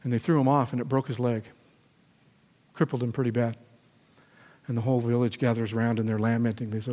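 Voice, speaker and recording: A man's voice: medium pitch, little pitch movement, brisk, pauses often. A man preaching a sermon in a church, telling a parable and leading a prayer in an earnest voice. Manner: storytelling, earnest, then gentle prayer. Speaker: pastor. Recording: echoey hall reverb.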